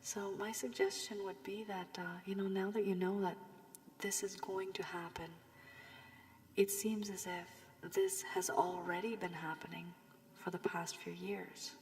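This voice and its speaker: A woman giving a tarot reading with advice, her voice worn from illness, speaking softly and often half-whispering. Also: mid-range voice, steady tone, measured pace. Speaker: tarot reader. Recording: long room reverb, faint background hiss.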